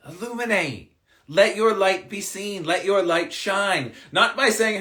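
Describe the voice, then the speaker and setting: Male spiritual coach on a live stream, emphatic and upbeat, bright forceful voice. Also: high voice, lively intonation, unhurried. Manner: upbeat, emphatic, swears casually. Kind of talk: live-stream card reading and pep talk.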